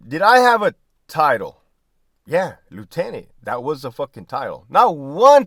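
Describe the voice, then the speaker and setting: A man's voice: fairly high pitch, huge pitch swings, a little slow, fairly bright tone, dry recording, studio quality. A man who was a prison lieutenant, talking bluntly and profanely to viewers, often tagging "right?" and "man". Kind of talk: candid casual monologue.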